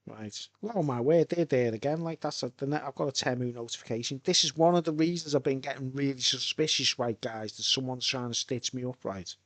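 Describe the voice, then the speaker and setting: A Merseyside-accented man from Birkenhead talks fairly quickly, with hardly any pauses, in a medium-pitched, fairly bright voice. He's chatting on a live stream from a tent with soundproof tiles in his home, often slipping in "right?", with no echo.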